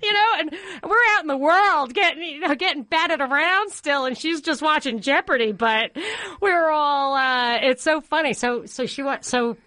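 A woman hosting a talk radio show, her voice sitting a little high and sounding dry and close on a studio microphone. She chats along with quick asides and laughs often. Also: sharp tone, no room sound.

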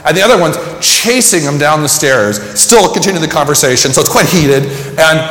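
A man's voice: fairly high pitch, animated, brisk, a bit bright. A man preaching a sermon, telling a personal story and reflecting in a conversational way. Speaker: pastor. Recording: echoey hall with long reverb.

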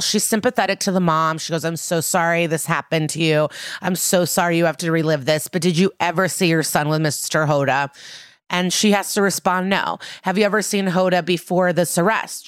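A woman's voice: on the low side, a bit bright, no room sound, clean studio sound. A woman co-hosting a podcast, recapping a TV episode in casual chat, swearing freely and acting out the characters' lines. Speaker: podcast co-host.

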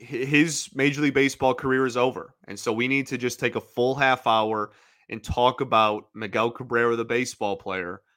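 A man's voice: medium pitch, steady tone, moderate pace, a bit bright, no room sound. Male sports podcast host, mid-range voice, dry close sound, casual and heartfelt, stumbling restarts. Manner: emotional, rambling, frequent restarts.

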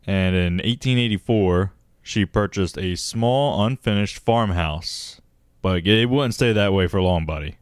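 Man, low voice, casual profane storytelling, laughs a lot, dry. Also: measured pace, clean tone, no echo. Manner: profane, laughs often, says dude. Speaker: podcast co-host.

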